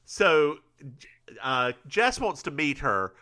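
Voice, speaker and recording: A man co-hosting a recap podcast, telling the story in an animated, chatty way. His voice is bright and swings widely in pitch, sitting a bit high for a man. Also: slow pace. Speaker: podcast co-host. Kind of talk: casual episode recap chat.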